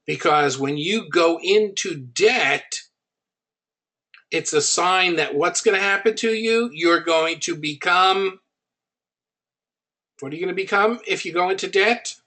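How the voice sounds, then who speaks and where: A man's voice: a little high, pushed and bright. A man teaching, breaking down a recorded sales speech and mimicking the speaker's lines as he analyzes them. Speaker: marketing instructor.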